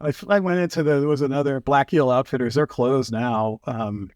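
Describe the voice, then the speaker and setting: A man telling fishing stories as a podcast guest, in casual chat, animated and full of fillers. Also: medium pitch, a little fast, no echo, studio quality. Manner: animated, acts out quotes, many fillers.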